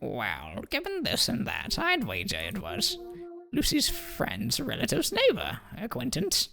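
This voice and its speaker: A woman's voice: medium pitch, wildly swooping pitch, measured pace, creaky, sharp tone, voice pushed up, full character voice. A woman voicing a sly, pompous talking cat who drawls in a lofty, condescending way, as fan voice acting of a game.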